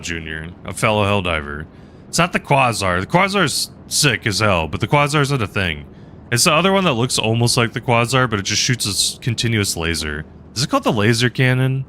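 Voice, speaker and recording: A man's voice: medium pitch, very animated, normal speed, pushed and bright, a little hiss or hum. A man live-streaming a game, rambling casually and chatting with viewers between laughs. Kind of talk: casual gaming commentary.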